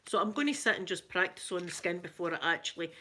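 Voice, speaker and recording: Middle-aged Scottish woman, chatty host, bright voice, rambling and self-mocking. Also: fairly low pitch, animated, quick pace. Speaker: ASMR channel host. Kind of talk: casual chat to viewers.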